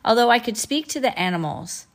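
A woman reading aloud as a kind, gentle female robot from a children's storybook, in a calm and earnest voice. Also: on the high side, fairly quick, voice pushed up, natural voice.

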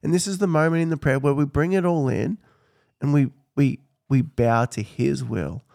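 A man's voice: a little high, normal speed, vocal fry, darkish tone, no room sound, clean studio sound. A man, hosting a podcast in a casual, earnest teaching style and laughing often. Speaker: podcast host.

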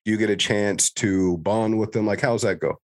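Casting: man co-host, fairly low voice, casual and jokey. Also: steady tone, moderate pace. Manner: loose, joking, swears casually. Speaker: podcast co-host. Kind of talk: casual interview chat.

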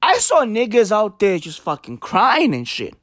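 A man with doing a profane, animated comedy rant. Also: high voice, a little slow, no room sound, clean studio sound. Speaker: commentator.

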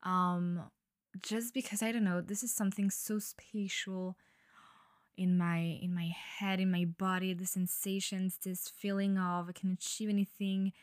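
Slow-talking young woman, dry close sound. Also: mid-range voice, little pitch movement, dry recording. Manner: slow, breathy-edged, laughing and swearing freely. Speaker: podcast host. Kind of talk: casual solo podcast monologue.

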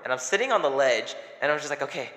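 Young man, podcast co-host, animated storyteller, bright tone, reverberant room. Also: mid-range voice, fast. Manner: animated, laughing, acts out quotes. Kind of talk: casual storytelling chat. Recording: echoey room with long reverb.

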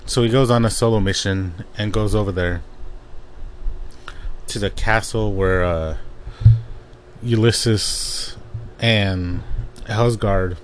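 A man's voice: lowish voice, slight background noise. A man casually recapping a comic book plot, rambling with lots of fillers and restarts.

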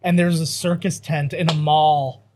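A man's voice: on the high side, level tone, unhurried, darkish tone. A man chatting casually over a movie as a commentary host, telling rambling anecdotes. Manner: rambling, laid-back anecdotes.

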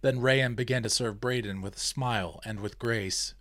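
Man reading a rhymed story, mid pitch, dry close voice. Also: fairly even intonation, normal speed, fairly bright tone, no room sound. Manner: laughs often, chatty. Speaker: writer reading his own story.

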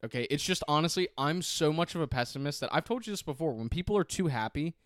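A man's voice: on the high side, animated, quick pace, dry recording, studio quality. A young man co-hosting a podcast in casual chat, rambling and hedging as he picks on himself. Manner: rambling, hedging, self-critical. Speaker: podcast co-host.

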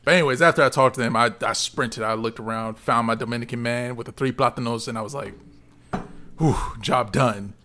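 A man co-hosting a casual podcast, telling a lively story and swearing freely. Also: medium pitch, quick pace, few pauses, a little hiss or hum. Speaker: podcast co-host.

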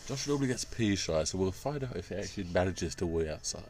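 A low-voiced man co-hosting a crude, casual podcast. His pitch swings widely as he jokes and laughs with his friend. Faint background hiss from the outdoor garden comes through. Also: animated, fast, darkish tone. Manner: joking, laughing often, swearing. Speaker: podcast co-host.

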